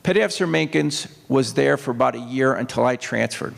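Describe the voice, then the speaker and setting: This is a brisk, medium-pitched, gravelly older man telling his own story. He's a retired naval officer at a book event on an opera house stage, emotional and earnest, rising into quotes he acts out, all under long hall reverb.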